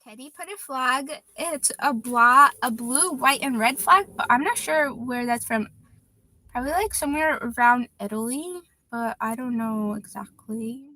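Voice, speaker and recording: A woman's voice: a little high, unhurried, sharp tone. A woman in her twenties chatting casually on a livestream, reading viewer comments aloud and laughing often. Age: 20s.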